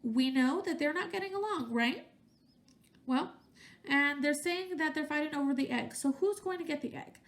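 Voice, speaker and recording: A woman's voice: high-pitched, normal speed. A woman teacher reading a picture book aloud to young children, stopping to ask questions and using voices for the characters.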